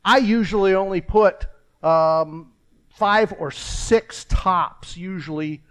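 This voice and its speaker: An older man preaching a folksy, rambling sermon with a joke, pausing and restarting often. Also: high voice, clear, resonant tone. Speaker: pastor.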